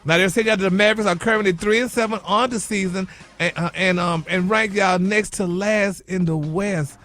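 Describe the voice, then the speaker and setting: A man's voice: high voice, moderate pace, fairly bright tone, faint music behind. A man delivering celebrity gossip on a radio morning show, flamboyant and sassy, calling everyone honey and y'all. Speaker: gossip correspondent.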